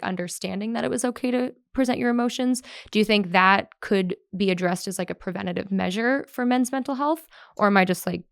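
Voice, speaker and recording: A woman's voice: mid-range voice, creaky, no room sound, studio quality. A woman co-hosting a podcast interview who asks long, thoughtful questions. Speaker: podcast co-host. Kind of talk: conversational interview.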